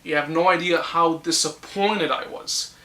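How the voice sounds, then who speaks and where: A young man rants casually about films he dislikes, blunt and quick to swear. His voice is bright and forceful, and it bounces around an echoey room. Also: a little high, steady tone. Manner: blunt, ranting, swears freely. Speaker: movie reviewer. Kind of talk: casual opinion vlog.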